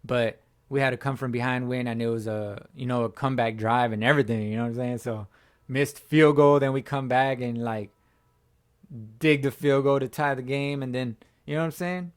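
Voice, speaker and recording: A man hosting his own fan channel, hoarse from screaming, giving a slangy sports reaction chat as if talking to a buddy. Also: mid-range voice, fairly even intonation, moderate pace. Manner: slangy, talks like chatting with a buddy. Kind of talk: casual sports reaction talk.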